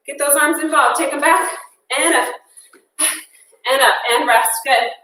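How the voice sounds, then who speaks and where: A woman's voice: high-pitched, moderate pace, bright, forceful tone, a little hiss or hum. Breathless upbeat woman fitness instructor. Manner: upbeat cueing, counting down and cheering on. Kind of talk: interval workout class. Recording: echoey room, mic far off.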